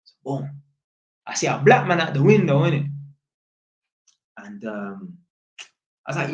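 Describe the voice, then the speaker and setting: A man's voice: a little high, expressive, normal speed, pauses often. Young man, London accent, street slang, "innit" tags, roomy sound, slightly muffled. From England. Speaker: vlogger. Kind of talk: casual storytelling monologue.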